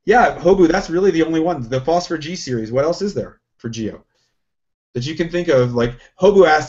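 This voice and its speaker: A man's voice: fairly high pitch, animated, a little fast, a little mellow. A man talking casually as a podcast co-host, rambling and questioning himself, with many restarts. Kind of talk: casual chat. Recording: lo-fi, dull sound.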